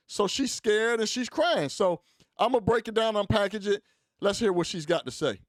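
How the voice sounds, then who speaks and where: A man's voice: high voice, normal speed, no echo. A man hosting a commentary show, talking in a rambling, casual way with lots of fillers and speaking straight to his listeners. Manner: rambling, filler-heavy, addresses listeners directly. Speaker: commentary channel host.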